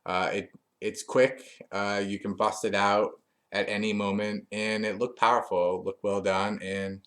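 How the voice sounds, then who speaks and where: Brief: male reviewer, low-pitched, conversational recap, relaxed and unscripted. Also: a little slow. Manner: chatty, loose, with frequent fillers and restarts. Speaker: wrestling show reviewer. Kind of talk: casual recap commentary.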